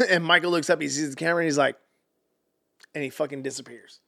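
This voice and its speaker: Gravelly, bright-voiced man telling stories. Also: on the high side, quick pace. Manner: animated, profane, acts out quotes. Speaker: podcast guest. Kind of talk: casual storytelling.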